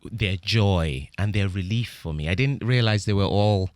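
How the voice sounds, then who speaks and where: A man's voice: fairly low pitch, normal speed, no room sound, studio quality. A middle-aged man with a British accent, talking reflectively as a guest in a casual interview, often restarting his sentences. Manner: reflective, with frequent restarts and "you know". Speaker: guest actor.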